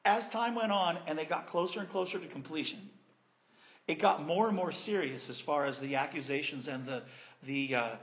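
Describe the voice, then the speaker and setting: A man preaching a sermon in an animated, conversational and playful way. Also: a little high, normal speed.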